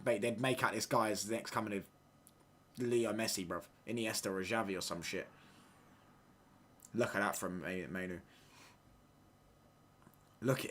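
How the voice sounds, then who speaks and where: A young man hosting a live football watchalong, reacting to the play and chatting with viewers in slangy, excitable talk. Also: medium pitch. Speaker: watchalong host.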